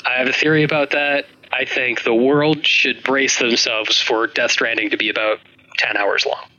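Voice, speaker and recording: A man chatting casually as a podcast host, excitable, swearing freely and acting out quotes in funny voices. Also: medium pitch, moderate pace, lo-fi sound, a little hiss or hum. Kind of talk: casual chat.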